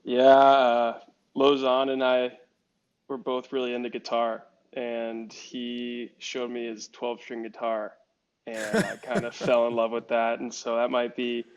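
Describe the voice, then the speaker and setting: A man's voice: mid-range voice, fairly even intonation, measured pace, smooth, highs cut off. A young man from Alaska, a hockey goaltender guest, giving earnest, reflective answers with many fillers. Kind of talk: podcast interview answers.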